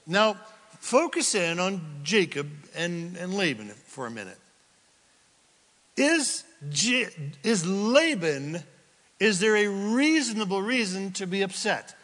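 A male pastor giving a sermon, telling a story with animated delivery and questions to the congregation. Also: high-pitched, takes it slowly, big-room sound. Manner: animated storytelling, acts out quotes, asks the crowd questions.

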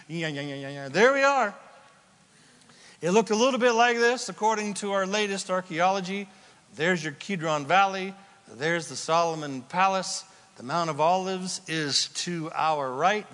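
Excited pastor guy, playful sermon, bit high voice, big echoey church hall. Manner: enthusiastic, playful, conversational. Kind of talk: sermon with slides. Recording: long hall reverb.

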